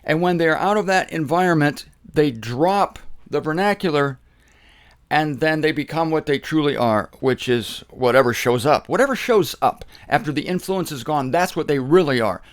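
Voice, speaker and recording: Animated man with a raised voice. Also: a little high, normal speed. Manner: animated, repeats phrases for emphasis. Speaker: Bible teacher. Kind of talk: casual spoken teaching.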